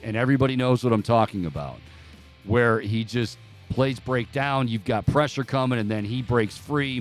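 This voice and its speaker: A man hosting a studio sports talk show, breaking down plays and rattling off upbeat plugs and a sign-off. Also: mid-range voice. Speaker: sports radio host.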